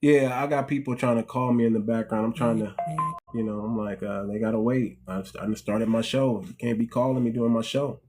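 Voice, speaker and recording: A man's voice: medium pitch, a little fast, hardly any pauses, darkish tone, soft background music. A middle-aged American man hosting a casual livestream, talking animatedly to his audience, repeating himself and calling them family. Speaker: host.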